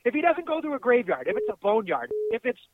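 High-voiced man ranting on a tinny phone line. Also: fast, no echo. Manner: excitable, ranting, profane. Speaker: wrestling podcast co-host. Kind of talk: casual chat. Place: in his car.

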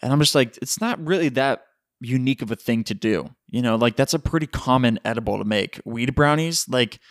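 A man hosting a solo podcast, telling a story in a rambling, profane and animated way. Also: medium pitch, a little fast, dry recording, studio quality. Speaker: podcast host.

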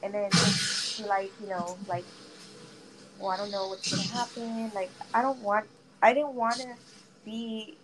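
A woman's voice: mid-range voice, measured pace, pauses often, poor audio. A young woman telling a friend a dramatic story in casual chat, full of "like" fillers and swearing. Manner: animated gossiping, heavy "like" fillers, frequent swearing. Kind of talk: casual chat while gaming. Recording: faint background noise.

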